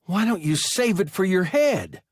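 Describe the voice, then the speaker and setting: A man voicing an injured young male pilot, bitter and hysterical, in a thin, high, whining voice with shrill outbursts. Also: sing-song, measured pace, slightly rough, dry recording, clean studio sound, heavily acted.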